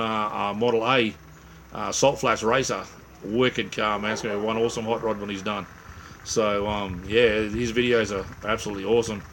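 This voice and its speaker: A man's voice: lowish voice, fairly bright tone, a little hiss or hum. Laid-back Australian man chatting live. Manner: rambling and laid-back, heavy on "mate" and "um". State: tired from little sleep. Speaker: livestream host. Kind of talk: casual live-chat with viewers.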